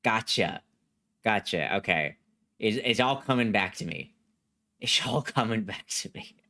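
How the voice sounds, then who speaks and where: An expressive, unhurried man with a fairly low, pushed and bright voice streams a video game live. He reads chat messages and talks casually with his audience, rambling and repeating himself often.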